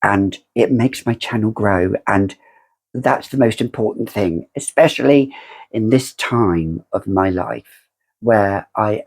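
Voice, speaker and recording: A woman's voice: very deep voice, a little mellow, breathy edge. A British woman reviewing fragrances in a casual vlog, theatrical and effusive as she gushes over scents. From Britain. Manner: theatrical and effusive, gushing descriptions.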